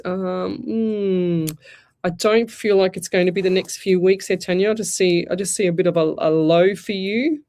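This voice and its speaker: A woman's voice: mid-range voice, fairly even intonation, moderate pace, darkish tone. A woman with an Australian accent hosting a live radio show, giving rambling, chatty psychic readings with many restarts. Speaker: psychic medium radio host.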